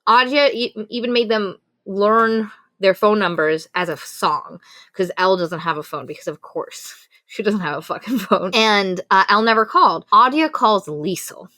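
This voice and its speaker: A woman co-hosts a casual book review podcast. She recaps the plot in an excited, gushing way and swears freely. Her voice is mid-pitched, and the recording is dry and close. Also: moderate pace, no echo. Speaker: podcast co-host.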